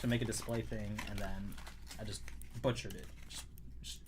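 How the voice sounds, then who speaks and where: A man's voice: lowish voice, level tone, moderate pace, background noise. Canadian man, dry cough, rambling host. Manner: rambling, self-interrupting, chatty. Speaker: livestream host. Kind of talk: casual livestream chat.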